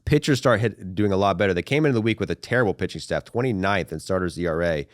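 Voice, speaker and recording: A low-pitched man talks baseball on a podcast, his voice rising and falling a lot as he rambles along in slangy chat. The sound is close and dry, with no room around it. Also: lively intonation, fast, no room sound. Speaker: podcast host. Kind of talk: casual sports chat.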